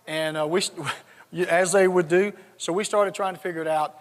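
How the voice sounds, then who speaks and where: A man's voice: high voice, fairly even intonation, brisk. A man in his sixties from South Georgia with a Southern accent, telling folksy, joking stories in a keynote speech. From South Georgia, USA. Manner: folksy, joking, repeats words when starting a thought. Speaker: conference speaker. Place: large conference hall. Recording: reverberant conference hall.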